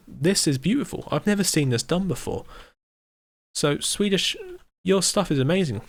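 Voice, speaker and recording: A man narrates a tour of a game server in a relaxed, chatty commentary voice. His mid-range voice has a gravelly edge. He is quick to gush over what he sees and often pokes fun at himself. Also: medium pitch. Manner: chatty, self-deprecating, easily delighted. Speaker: server host giving a build tour. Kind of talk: casual gameplay commentary.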